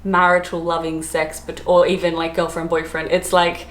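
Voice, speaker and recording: A woman's voice: lowish voice, completely flat delivery, moderate pace, fairly bright tone, reverberant. A woman in her thirties from Australia with an Australian accent, chatting casually to camera, laughing often between many fillers. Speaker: vlogger.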